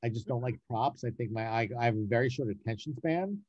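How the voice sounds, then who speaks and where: Fast-talking casting director, mellow and dry. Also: male voice, medium pitch, breathy edge, dry recording, highs cut off. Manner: animated, emphatic, repeats words when making a point. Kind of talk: casual interview talk.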